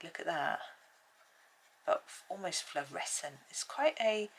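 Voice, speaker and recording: A woman's voice: on the low side, creaky, sharp tone. A woman hosting a colouring channel at home, chatting and thinking aloud as she works through a casual tutorial.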